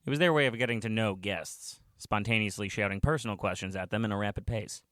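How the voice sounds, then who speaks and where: A man's voice: lowish voice, fast, a bit bright, no echo, clean studio sound. A man narrating a comic story in the first person, with wry, self-mocking asides.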